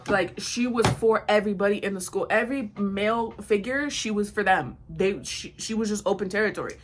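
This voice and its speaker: A woman in her twenties telling a storytime vlog in a blunt, slangy, animated way. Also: mid-range voice, brisk. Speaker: vlogger.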